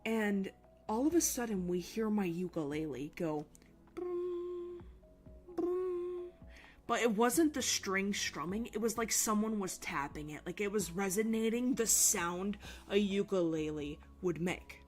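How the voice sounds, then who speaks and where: A woman's voice: medium pitch, moderate pace, faint music behind. A young woman streaming from her desk at home, telling a story in a rambling, casual way and swearing freely.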